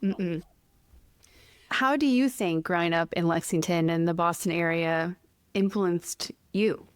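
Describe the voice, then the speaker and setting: A woman's voice: on the low side, a little slow, clean tone, dry recording, clean studio sound. A woman from New England hosting a podcast, speaking in a friendly, conversational way. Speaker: podcast host. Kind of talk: casual interview chat.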